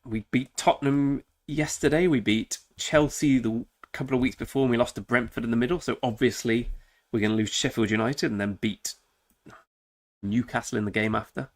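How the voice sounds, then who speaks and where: Streaming a strategy game, a man chats casually, jokes, and talks to his chat. His mid-range voice stays steady in tone and moves a little fast.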